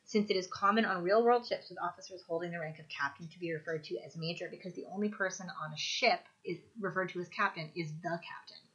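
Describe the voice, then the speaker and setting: A woman's voice: lowish voice, quick pace, few pauses, fairly bright tone, dull audio. A woman co-hosting a casual podcast chat, eagerly explaining background details. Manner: enthusiastic, explains trivia in detail. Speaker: podcast co-host.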